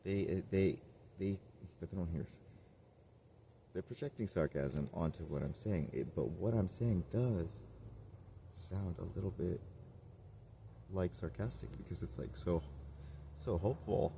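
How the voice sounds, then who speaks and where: Slow, gravelly, deep-voiced man musing aloud. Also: dark tone, a little hiss or hum. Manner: rambling and halting, full of restarts and fillers; candid, self-reflective. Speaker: vlogger. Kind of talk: casual reflective monologue.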